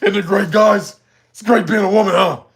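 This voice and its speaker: A man voicing a huge, cheerful Australian trans woman in a loud, chirpy put-on voice that keeps saying "mate". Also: sits high, steady tone, normal speed, creaky.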